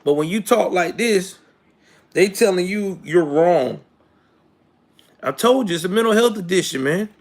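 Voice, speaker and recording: Animated, ranting man in his late thirties. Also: high voice, measured pace, long pauses. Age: late 30s. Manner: animated ranting, rising to indignant outbursts; casual, slangy talk addressed to viewers. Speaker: commentary show host. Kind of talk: live political commentary.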